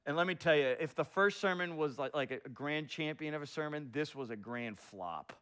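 Animated storytelling male pastor. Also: on the high side, normal speed, clear, resonant tone. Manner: animated storytelling with self-deprecating asides. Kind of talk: sermon.

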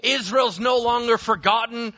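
A man voicing Mary as an overjoyed young woman, praising in an excited, exclaiming way. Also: on the high side, moderate pace, highs cut off, pitched above the performer's own voice.

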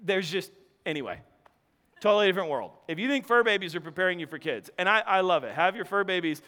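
A man in his thirties preaching a sermon, telling stories with quick laughing asides and restarts. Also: high-pitched, in a large hall. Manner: animated storytelling, self-interrupting, laughing asides. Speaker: pastor.

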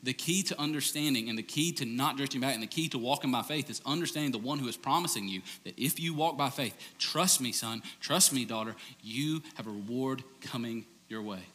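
A man preaches, shifting from loose, lively storytelling to hushed emphasis. His voice is bright and tense with an edge. It rings with the long reverb of a large hall. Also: a little fast, few pauses. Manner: conversational storytelling, animated, ends low and hushed. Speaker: pastor. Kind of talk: sermon.

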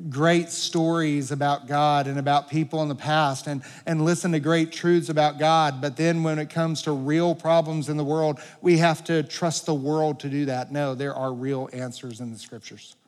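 A man preaching a sermon as pastor, earnest, swelling louder and dropping to quiet emphasis, in a church sanctuary. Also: a little high, little pitch movement, unhurried. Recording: long reverb of a large hall.

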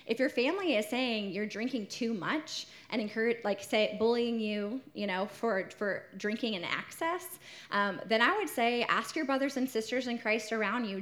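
A woman's voice: fairly high pitch, fairly bright tone. Chatty woman giving practical advice. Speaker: church panelist. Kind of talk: live church Q&A answers.

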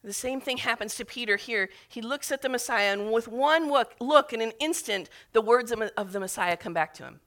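A woman's voice: fairly high pitch, fairly quick, few pauses, a bit bright. A woman preaching a sermon in an earnest, emotional way, retelling scripture and her own memories. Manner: earnest and emotional, with rising intensity on appeals.

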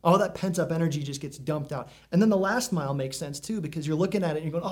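A man's voice: on the high side, quick pace, hardly any pauses. A man preaching a sermon in a conversational way, full of asides and questions to the congregation. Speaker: pastor.

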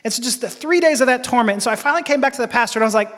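A man telling an earnest personal story in a sermon, often pausing and restarting his sentences. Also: very high-pitched, a bit bright, big-room sound. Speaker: preacher.

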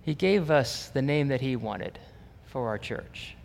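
There's a gravelly, darkish quality to this male pastor's expressive mid-range voice, and he takes his time. Preaching in a church sanctuary, he tells stories before rising to emphatic preaching, with slight background noise and the long reverb of a church hall on the recording.

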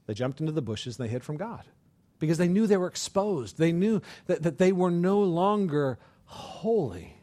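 A man preaching a sermon with animated delivery, rhetorical questions and repeated words. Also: medium pitch, no echo. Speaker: pastor.

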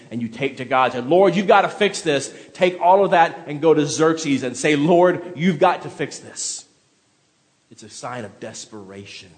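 A pastor preaching an expository sermon in a conversational way, reading scripture aloud and asking listeners to follow along in the text. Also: male voice, fairly high pitch, long reverb tail.

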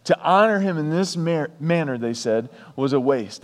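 A pastor preaching a sermon, repeating key lines for emphasis and breaking off for chatty asides. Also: male voice, a little high, lively intonation, moderate pace, hardly any pauses, darkish tone, in a large hall.

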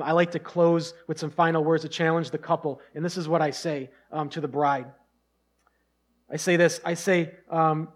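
A man's voice: fairly high pitch, fairly bright tone. A middle-aged man preaching a sermon as pastor, earnest and conversational, with bursts of emphasis.

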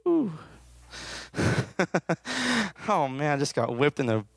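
Speaking quickly in a mid-range voice, a male children's minister gives a playful sermon, calling on the audience to respond and repeat his words. There's no echo on the recording.

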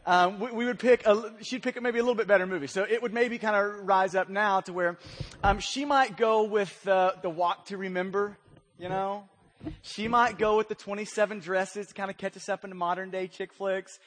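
A man's voice: sits high, steady tone, normal speed, fairly bright tone. A male pastor preaching a casual, humorous sermon, telling stories in a conversational way and often checking in with "right?". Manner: conversational storytelling with frequent "right?" check-ins.

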